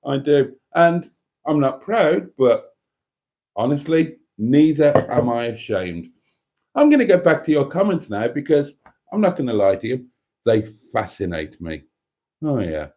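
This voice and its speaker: A camp, theatrical man hosting a live chat show and working through viewer comments. His pitch rises and falls expressively, and he drawls fondly at his audience with a playful, knowing tone. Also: warm tone.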